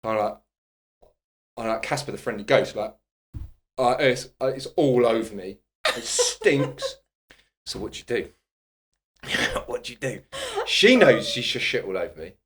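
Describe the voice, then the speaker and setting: A man's voice: medium pitch, measured pace, long pauses. A man, a personal trainer and podcast guest, telling a casual anecdote with lots of swearing and laughter. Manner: animated, swearing, laughing storyteller.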